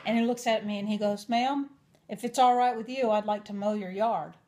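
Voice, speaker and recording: A woman's voice: medium pitch, normal speed, a little mellow. A young woman telling her personal testimony in an earnest, emotional way. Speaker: testimony speaker.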